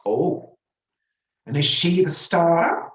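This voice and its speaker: Brief: man doing an elderly cleaning lady, loud and dismissive, pitch swinging, roomy and distant. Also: big pitch swings, very slow, exaggerated voice. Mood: nosy.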